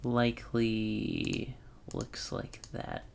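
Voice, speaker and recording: A man's voice: medium pitch, completely flat delivery, drawn-out words, creaky, smooth. A man thinking aloud in wry self-talk while commentating a puzzle game. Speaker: let's play gamer.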